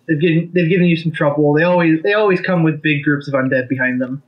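Hesitant game master, muffled audio. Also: male voice, on the high side, fast talker. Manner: hesitant, many ums. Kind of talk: narrating a tabletop game.

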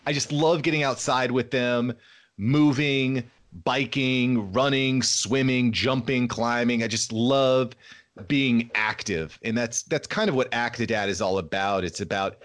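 A man's voice: medium pitch, unhurried. Upbeat man in his thirties, podcast guest. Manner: upbeat, energetic, laughs easily. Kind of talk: casual interview chat.

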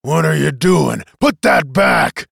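A blustering boat captain with a gruff, commanding voice, as a male narrator puts him on. He talks loud and drawn out, barking orders in a dry, close storybook reading. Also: medium pitch, expressive, unhurried, dry recording, full character voice.

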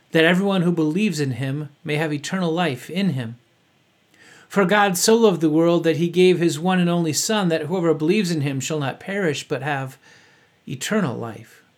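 A pastor delivers an earnest sermon in a fairly high voice, reading from his notes and slipping in an occasional offhand aside.

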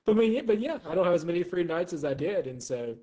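A man's voice: on the high side, animated, fast, warm tone, rough recording. A man who is a guest on a podcast, speaking in an earnest, reflective way and repeating words as he thinks. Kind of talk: casual chat.

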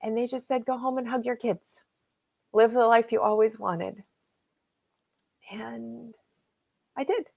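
A woman's voice: fairly high pitch, takes it slowly, vocal fry, long pauses. A woman in her fifties, an interview guest, telling a personal story with emotion and acting out what people said to her. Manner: emotional, animated retelling with acted-out quotes.

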